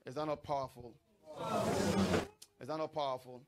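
A man's voice: mid-range voice, steady tone, normal speed, heavy background noise. A man preaching a sermon in church as pastor, reading scripture aloud and breaking into tongues.

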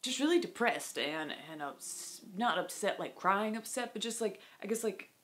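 A woman vlogger talking candidly to camera, halting, with many fillers and restarts. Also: medium pitch, expressive, fairly bright tone. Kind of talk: candid personal talk to camera.

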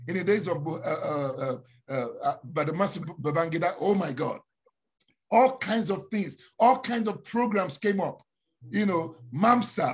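Husky, high-voiced Nigerian preacher. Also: male voice, expressive, normal speed. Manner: fervent, emphatic preaching with rising declarations. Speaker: pastor. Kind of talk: prophetic sermon.

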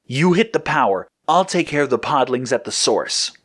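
A man's voice: mid-range voice, sing-song, normal speed, a bit bright. Decisive male lead hero, urgent and set on action; a male narrator voices him. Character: determined male hero leader.

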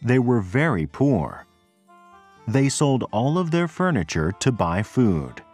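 A man reads a storybook aloud very slowly and deliberately, his low voice slightly husky. His pitch rises and falls expressively. Faint music plays behind him. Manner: clear, deliberate, expressive reading. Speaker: narrator. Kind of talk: slow read-aloud storybook narration.

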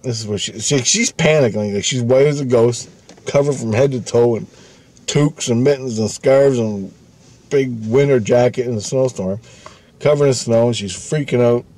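A man's voice: medium pitch, moderate pace, a little mellow. A man telling a story casually, rambling, swearing often and restarting his sentences. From Canada.

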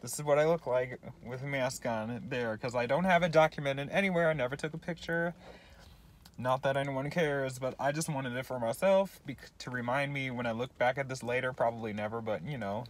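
A man's voice: mid-range voice, a little fast. A young man chatting casually to his phone camera in a vlog, rambling and self-deprecating, apologizing often between tangents. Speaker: vlogger.

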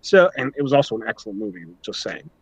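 A man's voice: mid-range voice, sing-song, quick pace, husky, dry recording, muffled recording. A man hosting a casual podcast, talking through his notes and giving his opinions freely. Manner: talkative, reads notes, opinionated. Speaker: podcast host.

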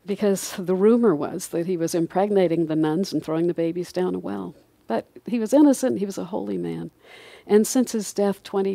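A middle-aged woman guests on a podcast interview, her lowish voice gravelly and mellow with no room sound. She talks in an earnest, reflective, conversational way, laughing lightly now and then.

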